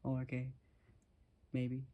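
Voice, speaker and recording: A man talking casually to his camera at home, rambling and self-deprecating, in a musing, soft-spoken way. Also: mid-range voice, monotone, slow pace. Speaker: vlogger.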